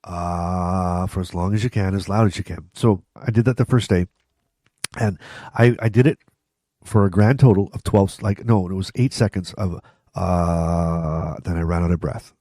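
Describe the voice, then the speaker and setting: A middle-aged vlog host talks straight to the viewer in a brisk, casual, chatty way, often restarting sentences and tossing in asides. His voice is low and mellow. It's recorded close and dry, with no echo.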